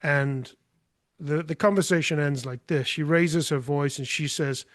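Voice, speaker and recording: A man's voice: on the high side, steady tone, unhurried, fairly bright tone, no echo. A man talking as a podcast guest, telling a story in a forthright, emphatic way. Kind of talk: casual storytelling.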